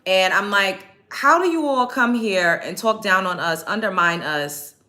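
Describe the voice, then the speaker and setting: Host, woman, bright forceful voice, blunt profane commentary. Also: mid-range voice, lively intonation, unhurried. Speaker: show host. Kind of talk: casual commentary vlog.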